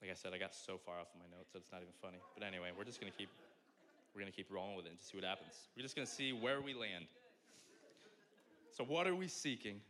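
A young man preaching a sermon as pastor, joking and animated, swinging from loud exclamations to quiet asides. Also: sits low, fast talker.

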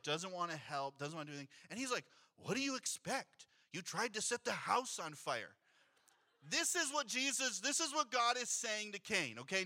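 A pastor in his thirties delivers a sermon in a church with a very bright, ringing voice. He sits high for a man and tells stories with animation, slipping into the voices of the people he quotes. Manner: storytelling, animated, acts out quotes. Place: church sanctuary.

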